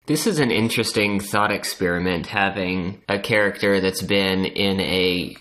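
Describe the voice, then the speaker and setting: A man's voice: low voice, normal speed, sharp tone. A man co-hosting a casual podcast, musing thoughtfully and analytically about a novel. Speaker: podcast co-host. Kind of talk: casual book discussion podcast.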